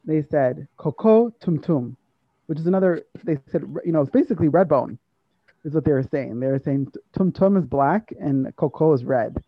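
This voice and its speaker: In a dry recording with dull audio, a woman from the United States speaks in a low voice at a normal speed. A university staff member appearing as an interview guest, she tells stories conversationally. She is animated, acts out the quoted dialogue, and laughs often.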